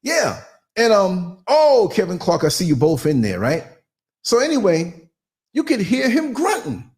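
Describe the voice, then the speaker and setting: Animated New man telling a story. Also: sits high, measured pace. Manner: animated, theatrical, acts out voices and sounds. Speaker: podcast host. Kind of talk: live-stream storytelling.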